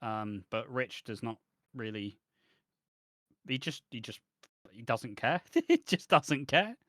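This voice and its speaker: A man's voice: mid-range voice, lively intonation, slow pace, a bit bright, dry recording, clean studio sound. A man co-hosting a casual chat show, rambling and swearing freely, laughing often and slipping into mocking quoted voices. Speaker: podcast co-host. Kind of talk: casual chat reviewing a soap opera.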